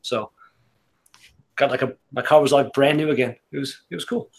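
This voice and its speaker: A man with a Canadian accent telling a relaxed, rambling, profane story among friends. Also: mid-range voice, normal speed, creaky. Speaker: beer review podcast regular.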